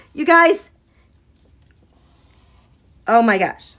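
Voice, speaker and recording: A woman hosting a live astrology and tarot stream, gushing and excitable, dropping into hushed, near-whispered passages. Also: a little high. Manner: soft and slow, nearly whispering. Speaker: tarot and astrology livestream host.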